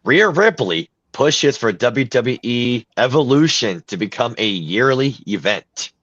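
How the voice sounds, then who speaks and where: A man's voice: medium pitch, big pitch swings, measured pace, a bit bright, no echo. A man hosting a podcast in casual chat, reading news items aloud and giving blunt opinions. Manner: blunt and opinionated, with a few fillers. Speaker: podcast host. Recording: dry, dull lo-fi sound.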